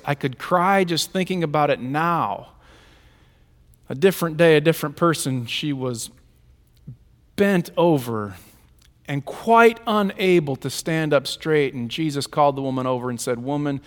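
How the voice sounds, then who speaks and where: A man preaching a sermon in a church, speaking with emphatic rhythm and repeated lists. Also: fairly high pitch. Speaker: pastor. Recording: reverberant hall.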